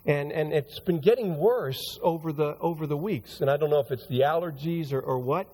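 A man preaching a conversational sermon as pastor, his voice a little hoarse and recovering. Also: fairly high pitch, brisk, mellow. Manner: conversational, rambling with restarts. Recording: long hall reverb.

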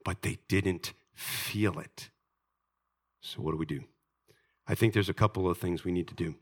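A middle-aged male pastor preaching a sermon, telling scripture stories dramatically and swinging from loud, emphatic peaks down to hushed, low lines. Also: normal speed.

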